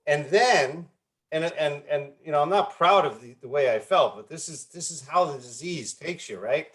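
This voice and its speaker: A man's voice: a little high, lively intonation, moderate pace, fairly bright tone. A man in his fifties, a guest on an interview podcast, telling a personal story candidly with frequent restarts and repeated words. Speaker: guest, founder of a recovery movement.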